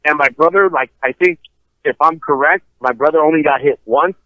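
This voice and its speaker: Male podcast co-host, thirties, raised voice, dry close sound, profane animated storyteller. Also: a little high, brisk, no room sound, narrow, tinny audio. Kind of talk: casual chat, storytelling.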